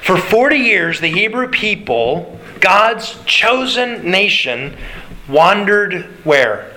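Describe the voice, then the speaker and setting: A man's voice: high-pitched, sing-song, takes it slowly, sharp tone, poor audio. A man preaching a sermon. He asks his listeners questions, answers them himself, and guides them through the Bible passage.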